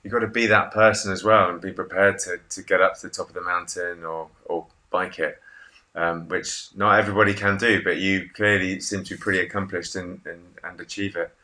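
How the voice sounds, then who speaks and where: A man interviewing a guest, asking encouraging questions in a halting way and offering praise. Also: deep voice, little pitch movement, bright, forceful tone. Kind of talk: casual interview.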